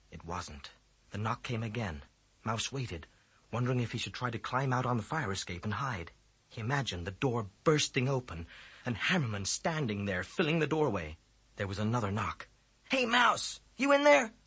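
A man with a husky voice narrating a children's book aloud, reading expressively. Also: fairly low pitch, fairly bright tone, no echo. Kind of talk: audiobook narration.

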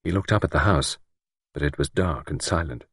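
A man narrating a mystery audiobook in a measured, dramatic way. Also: extremely low pitch, breathy edge, dry recording, studio quality. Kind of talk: scripted narration.

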